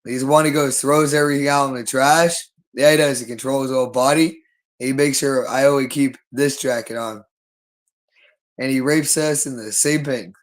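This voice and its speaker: A man's voice: mid-range voice, steady tone, moderate pace, poor audio. Man in a repetitive livestream monologue. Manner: repetitive and insistent.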